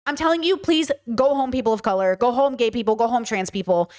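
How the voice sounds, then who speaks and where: Woman, young adult, high voice, blunt, exasperated, profane streamer commentary. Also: quick pace, darkish tone. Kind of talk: reaction commentary to protest footage.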